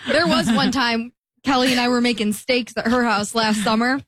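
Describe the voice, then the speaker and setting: A woman in a casual group chat telling a brief story in a plain, easy way. Her voice sits a little high, recorded dry and close. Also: fairly even intonation, moderate pace, fairly bright tone, no echo.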